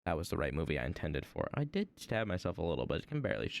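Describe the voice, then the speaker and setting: A man's voice: sits low, wildly swooping pitch, very fast, gravelly. A man streaming himself woodcarving at home, chatting to viewers in a rambling, playful way. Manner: rambling, playful, talks to chat. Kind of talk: casual chat while woodcarving.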